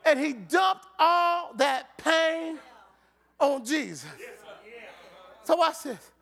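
A man preaching in a church, his voice very high and gravelly. He shouts slowly and at length and keeps calling back to the people. A faint crowd murmurs behind him. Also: expressive. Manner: shouting, call-and-response with congregation. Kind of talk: sermon.

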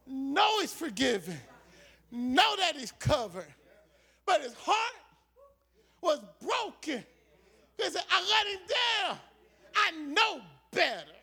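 A male preacher delivering a call-and-response sermon, shouting and chanting lines in rising waves and repeating himself. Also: very high voice, big pitch swings, takes it slowly, vocal fry, long pauses.

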